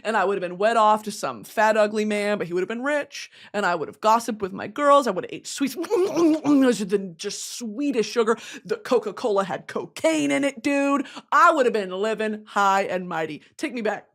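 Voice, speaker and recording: Lively, giggly young woman vlogger. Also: mid-range voice, normal speed, hardly any pauses. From Southern United States. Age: 20s. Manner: animated, giggly, slangy and profane. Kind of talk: casual rambling monologue.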